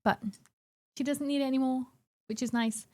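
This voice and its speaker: High-pitched girl streaming from home, giggly, chatty, coos at her cat. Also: steady tone, normal speed, darkish tone. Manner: chatty, giggly, greets chat by name, coos baby talk to her cat. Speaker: live streamer. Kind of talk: casual chat with stream viewers.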